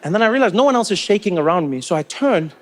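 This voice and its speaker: A man with a South African accent performing a stand-up routine, telling stories with animated comic repetition. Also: high-pitched, fast, background noise. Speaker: stand-up comedian.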